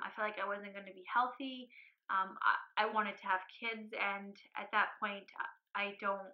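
A young woman talking earnestly about her weight loss in a casual vlog, emotional at times and pausing often with ums. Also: medium pitch, highs cut off.

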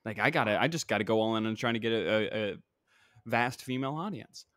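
A man's voice: lowish voice, quick pace, fairly bright tone, no echo, clean studio sound. A young man who does stand-up comedy, co-hosting a casual podcast in a loose, joking, laid-back way.

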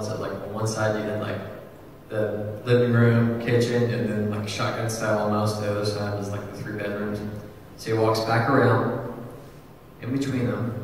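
A young adult man preaching a sermon in a casual, animated storytelling manner, full of asides. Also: lowish voice, a little hiss or hum. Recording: echoey hall, far from the mic.

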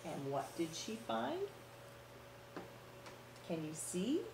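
Female storyteller for kids: lively melody, slow and unhurried, roomy echo, asks the little listeners questions. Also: lowish voice, creaky. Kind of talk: reading a picture book aloud to children. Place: church room. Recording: roomy echo, faint background hum.

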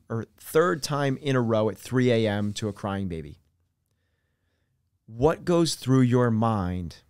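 A man of middle pitch talks as a podcast guest in an earnest, explanatory way. He leans on everyday examples and lowers his voice on key points. The recording is dry and close, with no room sound. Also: a little mellow, clean tone, dry recording. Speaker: podcast guest, fitness coach. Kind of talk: conversational podcast interview.

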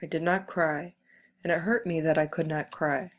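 A woman reading a book aloud in a measured, steady way. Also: sits low. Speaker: reader.

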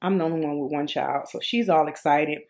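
A woman in her mid-thirties tells a personal story to her camera in a casual vlog. Her voice sits a little low, and she tells it in an animated, expressive way, often repeating herself and filling gaps with "um" and "like.". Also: brisk. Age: 30s. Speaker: vlogger.

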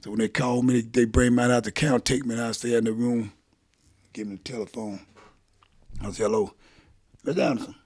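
A man's voice: mid-range voice, flat delivery, fairly quick, long pauses, a little mellow, dry recording. An older man, animatedly retelling his own story in casual conversation and acting out the voices of people in it. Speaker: guest telling his life story.

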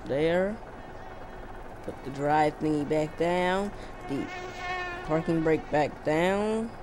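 A woman's voice: low voice, slow, noisy background. A woman giving casual let's-play commentary, rambling and thinking aloud as she mumbles to herself. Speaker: gameplay commentator.

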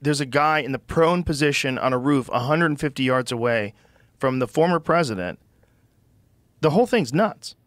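A man hosting a podcast, talking in an animated, profane, incredulous way in casual conversation. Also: mid-range voice, normal speed, very noisy. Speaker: podcast host.

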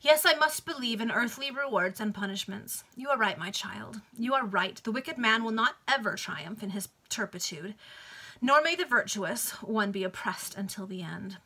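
A man's voice: high voice, lively intonation, normal speed, pushed and bright, slightly rough, full character voice. A woman reading the lines of a grave, moralizing exiled Italian count in a book read aloud over a video call. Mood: earnest.

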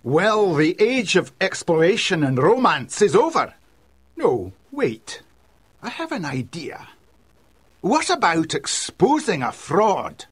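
A man voicing an excitable middle-aged male newspaper editor who talks emphatically. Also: sits high, takes it slowly, breathy edge, pitched above the performer's own voice, full character voice. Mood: brisk. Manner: emphatic, loud, swooping. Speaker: news editor.

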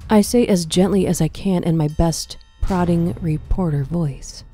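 A woman reads a horror story in a very low, dark voice. She speaks slowly and often drops into a hushed whisper, keeping the tension tight. Faint music plays beneath her. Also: slightly rough. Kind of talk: scripted horror narration.

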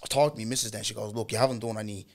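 A man's voice: on the low side, steady tone, racing. A young man with an Irish accent hosting a podcast in blunt, slangy casual chat. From Ireland. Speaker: podcast host.

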